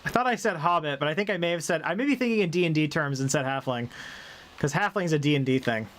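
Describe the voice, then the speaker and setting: Talking fast in a fairly high, fairly bright voice over a little hiss or hum, a Southern man rambles playfully with his viewers during a game livestream. He laughs often, and his light drawl has mostly faded.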